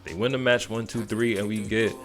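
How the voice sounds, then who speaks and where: Low-voiced man recapping wrestling. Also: fairly quick, soft background music. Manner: animated, playfully mimics wrestlers in quotes. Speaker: wrestling show reviewer. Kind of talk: casual recap commentary.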